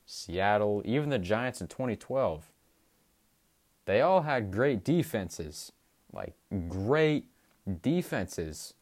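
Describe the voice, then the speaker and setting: A young man hosting a sports podcast, recapping games in an enthusiastic, emphatic way with drawn-out stresses. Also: fairly low pitch, a little mellow.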